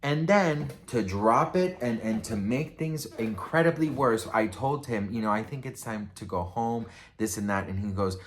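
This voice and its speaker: A man's voice: medium pitch, moderate pace, hardly any pauses, a little hiss or hum. Chatty man rambling through a story. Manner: rambling, filler-heavy, chatty. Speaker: vlogger. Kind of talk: casual storytime.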